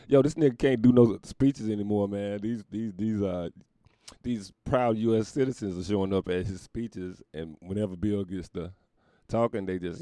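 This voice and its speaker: A man's voice: lowish voice, normal speed, mellow, no echo, clean studio sound. A young adult man hosting a podcast, riffing profanely and laughing often. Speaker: podcast host. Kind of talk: casual comedic monologue.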